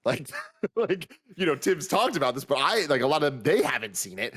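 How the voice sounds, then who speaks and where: Animated man telling a story, pitch jumping. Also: moderate pace. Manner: animated, acts out dialogue with big pitch jumps. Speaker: podcast co-host. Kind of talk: casual chat, storytelling.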